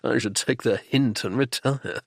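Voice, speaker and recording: A man voicing a blustering, jocular middle-aged aristocratic duke in an audiobook, gruff and clipped. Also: medium pitch, unhurried, no echo, studio quality.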